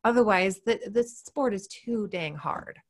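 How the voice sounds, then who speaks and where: A woman gymnastics coach chatting on a podcast through an earbud mic, acting out quotes with big jumps in pitch. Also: unhurried. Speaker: gymnastics mindset coach, guest. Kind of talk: casual podcast chat.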